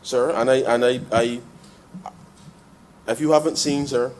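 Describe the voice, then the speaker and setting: A man speaks in a parliament chamber into a desk microphone, his voice in a middle register. He addresses the chair with a steady "sir" and builds to emphatic, louder passages. A faint background hum sits under the speech. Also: mid-range voice, unhurried, rough recording. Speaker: member of parliament.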